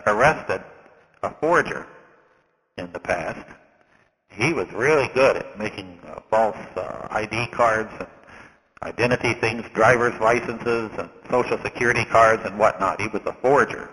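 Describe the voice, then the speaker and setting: A man with a somewhat low voice tells a personal story in a plain, folksy way, pausing often on fillers. His voice carries a long reverb, as if recorded in a hall. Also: a bit bright.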